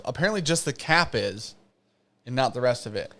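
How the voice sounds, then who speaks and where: A man's voice: on the high side, lively intonation, a little fast, a bit bright. A man hosting a casual live whiskey-tasting stream, joking, swearing and reading viewer comments aloud. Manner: profane, joking, reads chat comments aloud. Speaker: show host.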